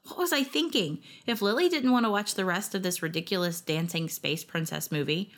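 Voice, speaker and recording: Narrator: woman, first-person audio story, wry lively delivery. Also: fairly low pitch, a little fast.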